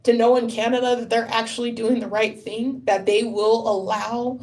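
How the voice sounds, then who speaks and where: A woman's voice: on the high side, flat delivery, normal speed, a little mellow. A tired woman talking on a casual livestream, rambling, swearing and sounding frustrated.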